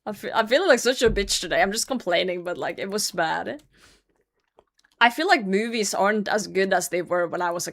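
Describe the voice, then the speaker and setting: A woman talks to her livestream viewers in a loose, rambling way as she plays. She drifts into rants and swears offhand, and her pitch sits in the middle of the range. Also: a bit bright. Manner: chatty, rambling, quick to rant and swear. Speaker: livestream host. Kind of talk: casual chat with viewers while gaming.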